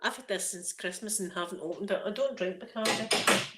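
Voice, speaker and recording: A woman's voice: mid-range voice, brisk, fairly bright tone, slight background noise. A Scottish woman chatting casually while showing viewers around her home, rambling and laughing often, on a phone she carries around. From Scotland. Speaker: ASMR channel host.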